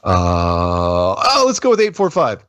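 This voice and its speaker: A man's voice: deep voice, slow, clear, resonant tone, dry recording. Easygoing male call-in host. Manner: relaxed, chatty, laughs easily. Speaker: show host. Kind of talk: casual call-in chat.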